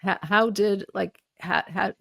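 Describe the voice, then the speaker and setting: A woman's voice: mid-range voice, unhurried, creaky, fairly bright tone, no echo, studio quality. A woman hosting a podcast interview, asking follow-up questions and affirming often. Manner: engaged listener with frequent affirmations. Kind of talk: conversational interview.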